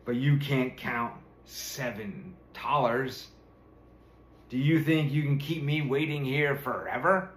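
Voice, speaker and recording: A man's voice: medium pitch, slow pace, close to an everyday voice. Guy doing a cranky stubborn farmer, grumbly and indignant, storybook voice, echoey room. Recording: roomy echo.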